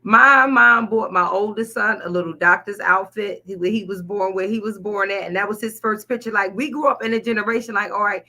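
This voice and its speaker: A woman co-hosting a casual talk show, speaking in an animated, outspoken, slangy way. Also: mid-range voice, brisk, hardly any pauses. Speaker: co-host. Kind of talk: casual chat.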